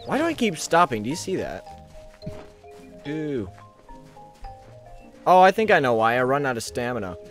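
A man's voice: mid-range voice, big pitch swings, moderate pace, long pauses, faint music behind. A man recording let's play commentary, goofy and laughing, mock-outraged at the game. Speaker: gaming channel host.

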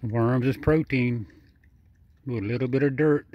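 A vlogger gives casual running commentary while feeding a wild raccoon, talking straight to the animal in a chatty, repetitive way. His voice is medium-pitched and measured, and the recording is muffled with no echo.

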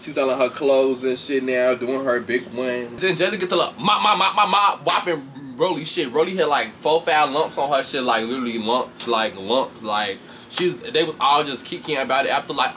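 A man casually recapping a reality show fight with lots of swearing, laughter, and sudden high mocking voices. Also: normal speed, a little hiss or hum. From Chicago. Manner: animated, profane, laughs often, shifts into high mocking voices. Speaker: commentator reacting to a reality show. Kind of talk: casual chat.

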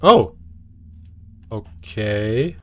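A man's voice: fairly low pitch, expressive, drawn-out words, bright, forceful tone. A man giving casual let's-play commentary, chatting to the game and yelping when startled. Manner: chatty, talks to the game, jumpy yelps. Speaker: gaming video creator.

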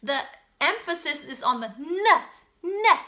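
A woman's voice: sits high, expressive, unhurried, pushed and bright. A woman teaching singing, explaining technique in speech and switching into sung demonstrations of a phrase. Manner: alternates spoken coaching with sung examples. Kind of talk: vocal lesson with sung demonstrations.

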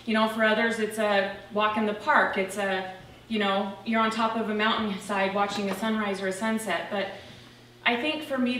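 A woman's voice: medium pitch, a bit bright. A woman giving a chatty, lighthearted personal testimony to a church. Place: church sanctuary. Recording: echoey church room, from far off, faint noise.

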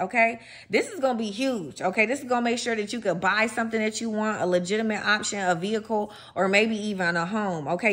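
Brash, profane woman reading tarot. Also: fairly high pitch. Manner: brash, profane, animated street slang. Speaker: tarot reader. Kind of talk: casual tarot reading monologue.

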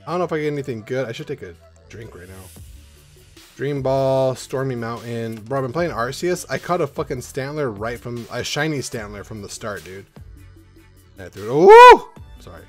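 A man chatting casually at home while he opens card packs, with a medium-pitched voice. He wanders from topic to topic, swears often and sometimes lets out loud whoops. Faint music plays behind him. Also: moderate pace. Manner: rambling, swears a lot, bursts into loud excited whoops. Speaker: YouTuber opening trading card packs. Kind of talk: casual rambling vlog. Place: at home in an apartment.

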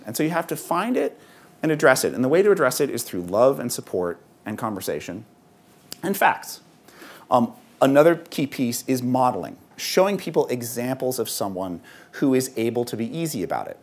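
A man giving a conversational public talk to an audience of parents, speaking in a lively way with frequent ums. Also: medium pitch, fairly quick, creaky, husky. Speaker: author and speaker at a parents' event. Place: event hall.

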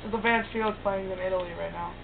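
A teenage boy playing a basketball video game and calling out the plays in an excitable way. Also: sits high, fast talker. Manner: excitable play-by-play calls. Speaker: gaming commentator. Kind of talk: casual gameplay commentary. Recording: tinny phone-like sound with clear noise.

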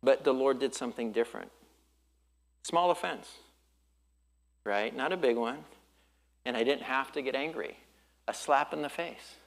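A male pastor from Southern California preaching a sermon in a relaxed storytelling way, with surfer slang and quick laughs. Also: medium pitch, gravelly.

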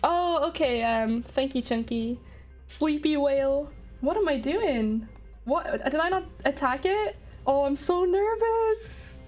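High-voiced excitable woman streamer. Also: a little slow, soft background music. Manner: excitable, chatty, talking to chat. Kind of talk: live game stream.

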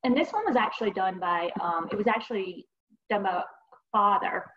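A woman counselor gives an online presentation, her medium-pitched, slightly bright voice moving fairly quickly. She shares client stories earnestly and conversationally, with plenty of fillers. The audio has the dull, lo-fi quality of an online call.

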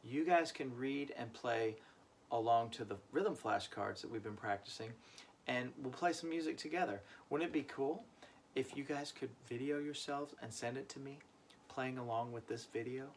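A man's voice: medium pitch, moderate pace. A man teaching a children's music lesson, encouraging the class and chanting rhythm syllables. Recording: loud background noise.

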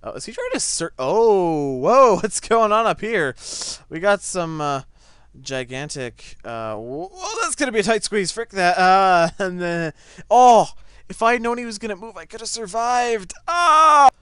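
A young man commentating his own gameplay, excitable, breaking into yelps and laughter, on a desk mic set back a little. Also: high voice, measured pace, clear, resonant tone, no echo. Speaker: gaming channel host. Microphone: desk microphone set back a little.

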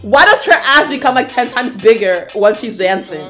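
Young woman, from Canada, reaction vlogger, excitable, laughs a lot, fairly high voice, very animated pitch. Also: normal speed, faint music behind. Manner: excitable, exclamatory, laughs often. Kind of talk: casual reaction commentary.

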